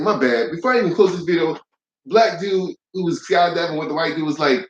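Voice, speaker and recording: Young man, vlogger, blunt and profane, slightly high pitch, roomy echo. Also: a little fast, slight background noise. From United States. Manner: blunt, profane and heated, with repeated restarts. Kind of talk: ranting monologue to camera.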